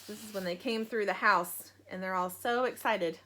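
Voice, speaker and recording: A woman reading a children's chapter book aloud as storyteller, animated and friendly. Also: medium pitch, normal speed.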